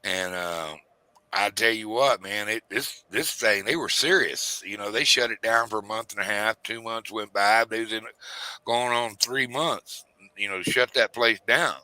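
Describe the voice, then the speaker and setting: Guy, middle-aged, real bright punchy voice, rambles thru his stories and does his folks' voices. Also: on the low side, a little slow, no echo. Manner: rambling Southern-drawled storytelling, quoting his parents in raised voices. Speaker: host telling a story. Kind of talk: casual storytelling chat.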